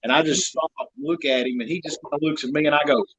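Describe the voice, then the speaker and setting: A man hosting a casual chat, telling a story with animated laughter. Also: on the high side, fast talker, husky, rough recording. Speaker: host.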